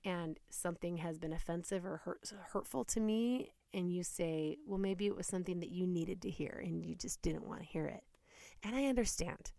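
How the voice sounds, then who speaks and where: A woman's voice: on the low side, moderate pace, creaky, dark tone, dry recording, clean studio sound. A woman in her thirties hosting a podcast, talking earnestly and emotionally about hard times, sometimes dropping to a near whisper. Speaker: podcast host. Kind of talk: personal reflective monologue.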